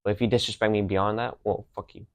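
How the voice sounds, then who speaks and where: A man's voice: lowish voice, flat delivery, fast talker, no echo. A young man hosting a podcast, telling personal stories in a casual, slangy way. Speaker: podcast host.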